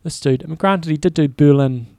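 A man co-hosting a casual podcast, rambling in a relaxed way with frequent restarts. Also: fairly high pitch, brisk, no room sound, clean studio sound. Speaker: podcast co-host. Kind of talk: casual chat.

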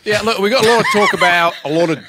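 A man's voice: sits high, rapid-fire, very noisy. A man performing improv comedy, playing a judge in a broad Australian put-on voice.

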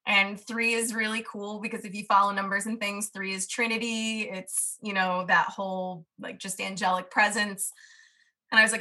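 Bright-voiced woman, earnest podcast guest. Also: medium pitch, moderate pace. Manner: earnest, lively, full of "you know" and "like". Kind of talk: casual conversational storytelling.

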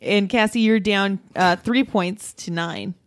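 A woman's voice: medium pitch, unhurried, no echo, clean studio sound. A woman narrating a comedic tabletop game as game master, playful and giggly.

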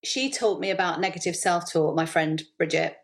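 A woman chatting as a podcast guest, telling stories in a lively, animated way. Her voice sits slightly low for a woman. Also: moderate pace. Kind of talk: casual interview chat.

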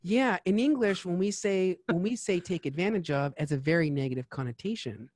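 A man's voice: sits high, fairly quick, darkish tone, dry recording. A man hosting a casual chat show who talks in a rambling, digressive way and slips into French. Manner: chatty and digressive, switching into French. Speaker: podcast host.

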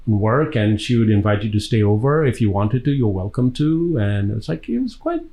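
A man from Tanzania, an actor being interviewed, telling long, lively stories with a laugh between them. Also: on the low side, normal speed, low-quality recording. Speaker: actor guest. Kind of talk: casual interview storytelling.

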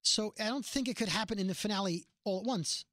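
A woman's voice: mid-range voice, fast, dry recording, studio quality. A middle-aged woman co-hosting a podcast, chatting casually and telling stories with emphatic energy. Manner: animated, emphatic storyteller. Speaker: podcast co-host. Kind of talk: casual chat.

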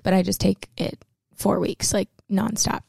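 A young woman talks candidly and emotionally into the camera, her words tumbling out with plenty of fillers. Her voice is mellow and dark, with a strong gravelly fry. The sound is dry and close, with no room around it. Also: medium pitch, flat delivery, a little slow, no room sound. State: close to tears at times. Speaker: vlogger. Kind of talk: personal storytelling to camera.

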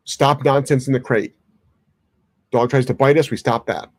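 A man's voice: medium pitch, steady tone, moderate pace, breathy edge, no room sound. A man who trains dogs for a living, answering viewer questions in a blunt, opinionated way, swearing now and then. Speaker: dog trainer.

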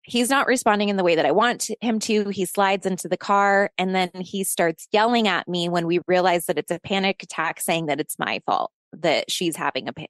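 A woman in her thirties telling a personal story in a casual interview, animated and profane, laughing often and acting out shouted quotes. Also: on the low side, a little fast, hardly any pauses, dry recording, studio quality.

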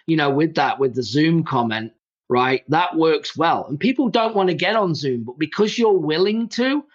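A man's voice: fairly high pitch, animated, normal speed. A man from England with an English accent, hosting an interview in a chatty, loose way with lots of fillers and restarts. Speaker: podcast host. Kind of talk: casual interview chat. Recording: dull lo-fi audio.

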